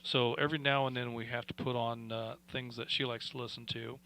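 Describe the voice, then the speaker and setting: Bright-voiced man running a radio net. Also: medium pitch, level tone, brisk, slight background noise, low-quality recording. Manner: folksy, friendly, chatty with fillers. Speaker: radio net control host. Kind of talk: casual radio net chat.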